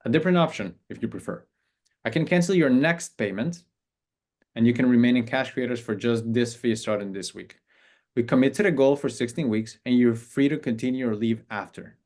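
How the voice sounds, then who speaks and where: A man's voice: medium pitch, a little fast, darkish tone. Casual-talking male business coach. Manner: conversational, acts out sample client messages. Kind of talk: casual instructional talk.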